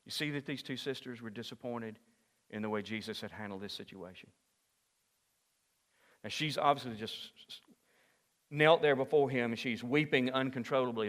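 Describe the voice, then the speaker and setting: A man preaching a sermon as pastor in a church, moving from hushed asides to loud, impassioned peaks. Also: mid-range voice, long reverb tail. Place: church sanctuary.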